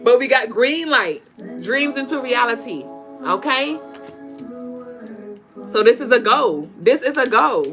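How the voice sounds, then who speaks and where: A woman hosting a live spiritual reading stream, talking in an animated, profane, laughing way and breaking into chants. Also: a little high, a little slow, long pauses, music in the background. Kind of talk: casual live-stream tarot-style reading.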